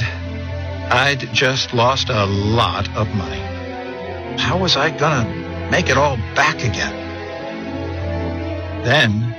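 A man tells his life story in a reflective, earnest narration with a voice of middle pitch. Music is clearly heard under his words. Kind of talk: personal testimony narration.

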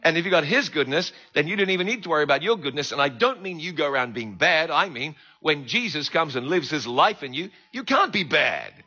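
Animated New Zealand preacher. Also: male voice, a little high, fairly quick, hardly any pauses, breathy edge, faint music behind. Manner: animated, swings between hushed and loud. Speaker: preacher giving his testimony. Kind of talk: sermon storytelling. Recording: dull lo-fi recording.

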